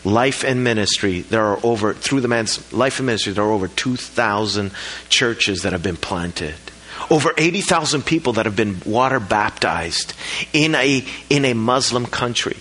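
A man preaching a sermon, telling a congregation a story in a lively storytelling way. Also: lowish voice, moderate pace, low-quality recording. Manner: preaches with rising emphasis and storytelling; talks to the congregation about slides. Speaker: pastor.

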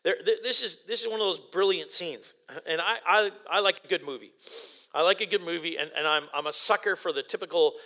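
A man preaching a sermon, reading scripture and explaining it in an animated, excitable way, with frequent restarts and sudden loud exclamations. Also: high voice, a little fast.

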